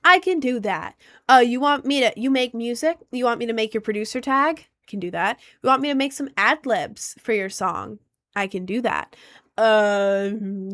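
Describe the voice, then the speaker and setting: A woman's voice: fairly high pitch, a bit bright. A woman streamer chatting casually on a live stream, rambling with lots of fillers and restarts.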